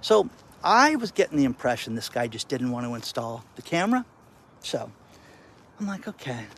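A male content creator telling stories to camera outdoors in the wind, animated and exasperated. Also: mid-range voice, moderate pace. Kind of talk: casual vlog rant.

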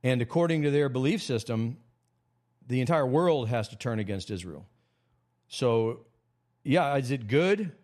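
A man from America hosting a casual livestream monologue, rambling with frequent restarts and sudden jumps in pitch. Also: expressive, measured pace, long pauses, a little mellow. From United States. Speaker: host.

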